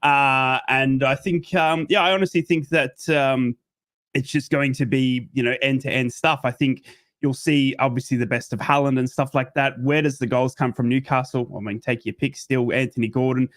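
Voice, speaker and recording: A man's voice: medium pitch, fairly even intonation, normal speed, a bit bright, no room sound, clean studio sound. A man on a football podcast panel, talking in a hesitant way with many fillers and restarts over a video call. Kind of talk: casual football chat.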